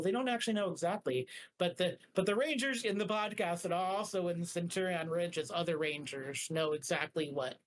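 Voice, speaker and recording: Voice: medium pitch, a little hiss or hum, low-quality recording. A game master narrating a tabletop game in a rambling casual way, full of filler words.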